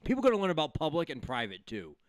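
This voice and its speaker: A man's voice: a little high, fast talker, dry recording. A man with a New England accent, co-hosting a casual podcast and telling wry stories. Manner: lively, wry storytelling. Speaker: podcast co-host. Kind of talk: casual chat.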